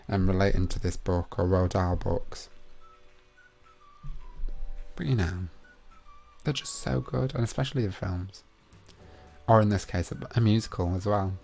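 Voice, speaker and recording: Chatty young man hosting a quiz. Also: fairly low pitch. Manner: chatty and playful, with asides between questions; reads each question twice, slow and emphatic. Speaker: quiz host. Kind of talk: live online quiz hosting.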